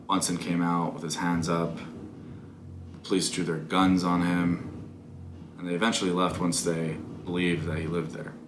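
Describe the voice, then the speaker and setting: Deep-voiced young man telling a story. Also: flat delivery, measured pace. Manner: profane, candid, self-critical. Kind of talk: casual storytelling. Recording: echoey room with background noise.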